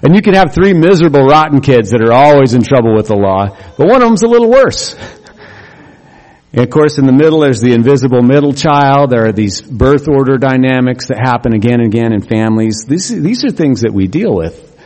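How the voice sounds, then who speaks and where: Male pastor, conversational sermon with jokes, mid pitch, long hall reverb. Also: lively intonation, a little mellow. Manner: conversational and humorous, with quick asides.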